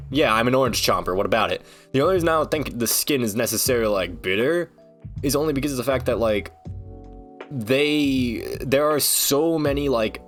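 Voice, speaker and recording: A man's voice: on the low side, fairly bright tone. A man streaming, ranting casually in a rambling, joking, foul-mouthed way. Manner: rambling, profane, joking rants.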